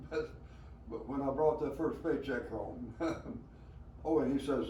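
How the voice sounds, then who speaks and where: Older Southern man, 90s, rambling storyteller with chuckles; mid-pitched voice, recorded from a distance. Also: slow, pauses often, dark tone, highs cut off. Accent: Southern American. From rural Alabama. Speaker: veteran being interviewed. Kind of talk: storytelling interview. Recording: roomy, from a distance, faint background noise.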